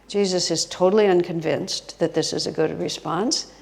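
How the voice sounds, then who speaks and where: A woman's voice: on the low side, steady tone, moderate pace, creaky, a little mellow. A woman giving a spiritual talk as a guest teacher, telling stories expressively and dropping to a whisper for emphasis. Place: retreat hall. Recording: long hall reverb.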